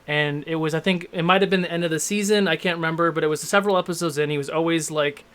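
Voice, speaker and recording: A man's voice: fairly high pitch, steady tone, quick pace, a bit bright, smooth. A man in his thirties, a game master and show host, talking candidly in a rambling, self-deprecating way in a casual panel discussion.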